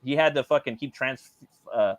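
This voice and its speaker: A man's voice: medium pitch, normal speed, no room sound, muffled recording. A man in a casual podcast chat, rambling and slangy, swearing often.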